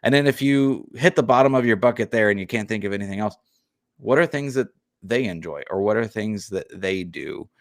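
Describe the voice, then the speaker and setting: Lower-voiced dad rambling on a podcast. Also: male voice, animated, fairly quick, no echo, studio quality. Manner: rambling, with many fillers and restarts. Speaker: podcast co-host. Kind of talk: casual chat.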